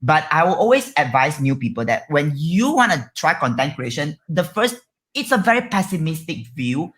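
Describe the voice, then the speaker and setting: Woman, Malaysian English accent, low voice, very lively pitch, bubbly, outspoken, swears a lot. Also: normal speed. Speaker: guest streamer. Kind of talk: candid podcast chat.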